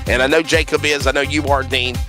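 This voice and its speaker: A man, a sim racing broadcaster wrapping up a race in animated, sing-song chat. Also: mid-range voice, fast talker, over music.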